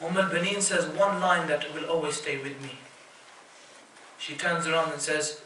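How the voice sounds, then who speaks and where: Male reciter from the UK, emotive mourning sermon, high voice, echoey hall, distant mic. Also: fairly even intonation, normal speed, pushed and bright, slight background noise. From United Kingdom. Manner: emotive, addresses the crowd as brothers and sisters. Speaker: religious reciter. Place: mosque hall.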